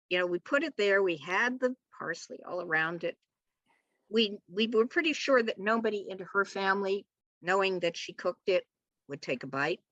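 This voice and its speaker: A woman author on a panel, telling a funny family story in an animated way and acting out the people in it. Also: medium pitch, no echo, highs cut off. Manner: animated storyteller who acts out other people's voices. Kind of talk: comic personal anecdote.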